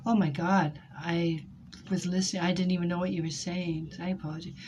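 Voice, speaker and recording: A woman's voice: on the low side, fairly even intonation, a little fast, a little mellow, highs cut off, slight background noise. A woman giving a live tarot reading to her viewers, emotional and rambling as she talks through each card and calls people by name. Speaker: tarot reader.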